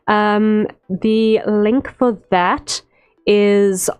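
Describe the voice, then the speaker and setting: A woman's voice: mid-range voice, steady tone, a little mellow, smooth. A woman streamer chatting casually while drawing, rambling with lots of "um" fillers. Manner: unhurried, rambling, many "um" fillers. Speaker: streamer, VTuber artist. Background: faint stream music.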